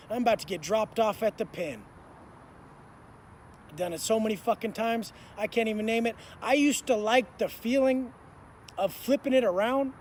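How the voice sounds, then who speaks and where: A man with a fairly high voice tells a story in a blunt, intense way, packed with swearing and street slang. He is recorded outdoors in a city, with faint traffic noise behind him. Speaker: motivational speaker. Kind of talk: storytelling monologue.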